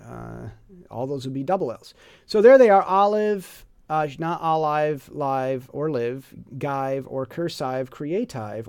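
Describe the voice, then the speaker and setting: A man's voice: mid-range voice, animated, slow pace, a little mellow. A man casually walking through a reading book's word lists, chatty and digressive, full of fillers and musing asides. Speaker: teacher presenting a reading curriculum. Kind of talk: casual walkthrough lesson.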